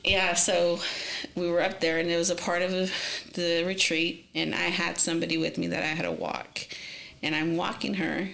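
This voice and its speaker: A woman telling a personal story in a casual, earnest way, often halting and restarting. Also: fairly low pitch, vocal fry, fairly bright tone. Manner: emotional, earnest, halting retelling. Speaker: retreat participant sharing her story.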